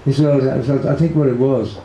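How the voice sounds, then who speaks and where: A man's voice: mid-range voice, fairly even intonation, brisk, mellow, highs cut off, faint music behind. An older man with a Liverpool accent, casually reminiscing about his brother in an interview, rambling with many fillers and restarts. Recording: echoey room, faint background hiss.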